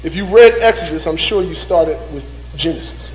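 A male preacher giving a sermon and reading scripture slowly and deliberately, with folksy joking asides to the congregation. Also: fairly high pitch, animated, big-room sound, poor audio. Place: church.

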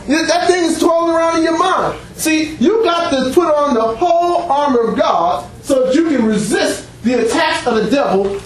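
A man preaching a sermon, animated, breaking into shouts and laughter and acting out little dialogues for the congregation. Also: extremely high pitch. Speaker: pastor. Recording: very echoey room, faint background noise.

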